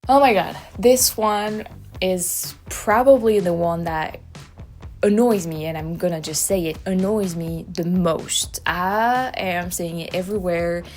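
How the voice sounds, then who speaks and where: A woman's voice: lowish voice, unhurried, darkish tone, faint music behind. A young adult French woman with a French accent, chatting casually and emphatically to camera as a video host, with frequent restarts. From France. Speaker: YouTube host. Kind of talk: casual explainer talk to camera.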